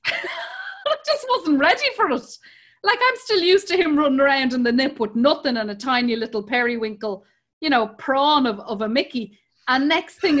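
An Irish woman in her forties, chatting casually and telling profane, lively stories about her kids. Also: a little high. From Ireland. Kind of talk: casual chat.

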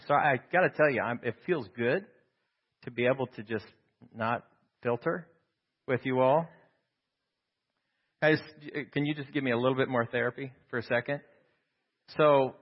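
Rambling middle-aged man telling stories. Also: medium pitch. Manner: rambling, self-deprecating humor, acts out dialogue. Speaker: professor. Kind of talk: casual storytelling to a group. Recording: slightly dull lo-fi sound.

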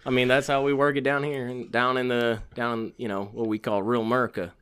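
A man's voice: mid-range voice, little pitch movement, fairly quick, fairly bright tone, a little hiss or hum. A man co-hosting a casual podcast, rambling in a folksy way with country sayings and lots of filler words. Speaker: podcast co-host. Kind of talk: casual podcast banter about fantasy football.

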